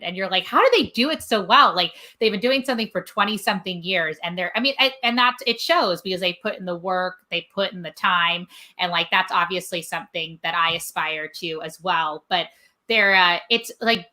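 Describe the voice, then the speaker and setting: A young woman, a stand-up comedian, chatting on a podcast in an animated, rambling way full of fillers. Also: medium pitch. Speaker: guest comedian. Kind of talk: casual podcast chat.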